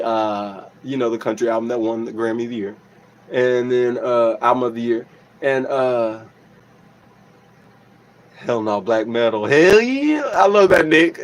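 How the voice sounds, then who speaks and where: A young man hosting a casual livestream as a musician, reading comments aloud and thanking his viewers warmly, often restarting his sentences. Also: medium pitch, rough recording. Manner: reads chat aloud, grateful and emotional, many restarts.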